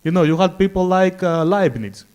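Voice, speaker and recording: A man's voice: high voice, lively intonation, moderate pace, a little mellow. Eager man with a raised panel voice. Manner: enthusiastic, speeds up in bursts. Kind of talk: round-table discussion.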